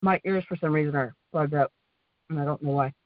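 A woman's voice: low voice, fairly quick, dry recording, narrow, tinny audio. A woman from the United States with a Western American accent, calling in to a community prayer call, telling her story in a rambling way with many fillers and repeated "okay?"s, sounding exhausted. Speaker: caller. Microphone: phone line.

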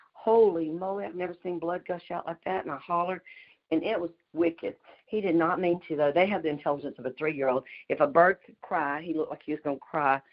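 A low-voiced middle-aged woman with a drawl tells a story at a quick, chatty clip, breaking into laughs between phrases. Her voice comes over a muffled, lo-fi call line. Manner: fast-talking, chatty, laughs mid-sentence. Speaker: community call participant. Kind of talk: casual storytelling on a group call. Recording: dull lo-fi call audio.

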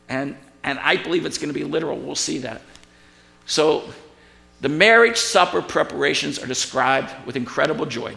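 A man preaching a sermon as pastor, in an animated, conversational way with frequent restarts and emphatic repetition. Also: on the high side, vocal fry, in a large hall. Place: church sanctuary.

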